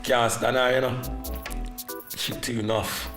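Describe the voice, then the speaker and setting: A man hosting a live podcast in casual chat, animated and teasing, laughing often and slipping into patois. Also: mid-range voice, unhurried, long pauses. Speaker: podcast host. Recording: echoey room with faint music.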